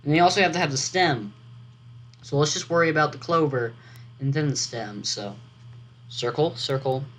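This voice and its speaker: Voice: mid-range voice, normal speed, long pauses. Voice rambling through a vlog. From United States. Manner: meandering, self-correcting, thinking aloud. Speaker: writing vlogger. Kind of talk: casual rambling vlog commentary. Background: loud computer fan hum.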